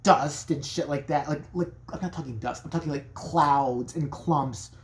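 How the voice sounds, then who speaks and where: A woman telling a profane, rambling comedic story in a brash, animated way. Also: low voice, moderate pace, a little hiss or hum.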